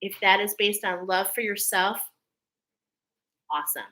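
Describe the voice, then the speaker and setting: A woman in her thirties hosts a spiritual oracle reading on her channel, offering casual guidance in an affirming tone and often checking in with "okay?". Her medium-pitched voice is unhurried, bright and forceful, on a rough recording.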